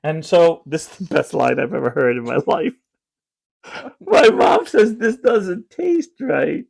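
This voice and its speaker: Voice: a little slow, vocal fry. A podcast host telling a family story in casual chat, laughing often and acting out others' lines with sudden shifts. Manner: animated, acts out family members' lines with big pitch jumps; laughs often mid-story, stammers and restarts.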